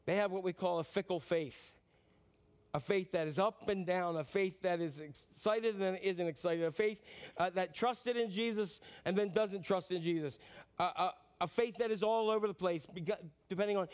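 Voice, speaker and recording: A middle-aged male pastor preaching a sermon in a lively, conversational, joking way. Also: sits high, normal speed.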